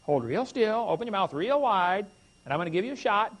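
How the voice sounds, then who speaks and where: A man's voice: sits high, very animated, brisk, a bit bright, full character voice. Male preacher briefly voicing a nervous small-town dentist, coaxing, flustered.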